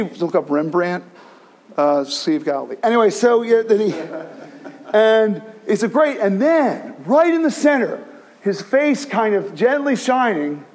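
A man preaching a sermon as pastor, animated, with many restarts, acting out the cries of the people he tells about. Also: high-pitched, measured pace.

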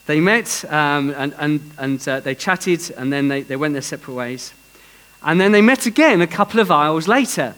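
Guy preaching, earnest, voice on the higher side. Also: expressive, normal speed, a bit bright, low-quality recording. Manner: earnest, with some restarts. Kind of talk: sermon with storytelling.

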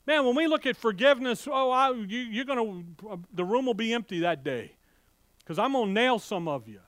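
A man preaching a sermon with fiery, animated delivery, swinging between loud outbursts and hushed asides and speaking in a folksy, direct way to his congregation. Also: very high-pitched, normal speed, no room sound. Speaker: pastor.

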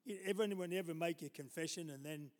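A man preaching a sermon as a pastor, telling personal stories with chuckles and building to loud, emphatic declarations. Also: on the high side, quick pace, long reverb tail. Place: church.

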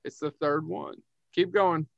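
A man's voice: a little high, steady tone, a little slow, vocal fry, no echo. Teasing man on a slightly muffled mic. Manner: teasing, chatty. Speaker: podcast co-host. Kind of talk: casual chat.

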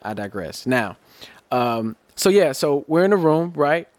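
A man in casual podcast chat, animated and quick to build hypotheticals, swearing freely. His voice sits a touch higher than most men's. The sound is close and dry, with no room around it. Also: no room sound. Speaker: podcast co-host.

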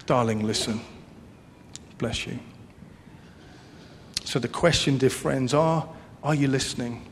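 A man preaching a sermon in an earnest way, repeating phrases and swinging between loud emphasis and hushed, soft passages. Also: steady tone, unhurried. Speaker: pastor. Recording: long hall reverb with faint low rumble.

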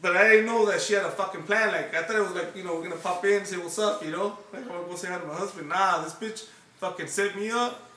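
Brief: high, bright Los man, cursing storyteller, heard off-mic in an echoey room. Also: far from the mic, a little hiss or hum. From Los Angeles. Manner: profane, animated, laughing storyteller. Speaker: podcast host. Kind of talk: casual storytelling chat.

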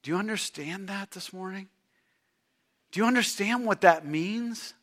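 High, bright-voiced preaching man. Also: moderate pace. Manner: dynamic preaching, swinging from loud emphatic lines to near-whispers. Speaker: pastor. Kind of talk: sermon.

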